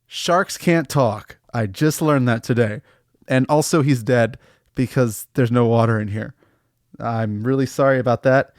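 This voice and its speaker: A man's voice: unhurried, no echo. Dry-voiced man ranting in mock outrage. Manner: mock-serious rants with sudden pitch jumps and awkward laughs. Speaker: comedy podcast host. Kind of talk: absurdist comic monologue.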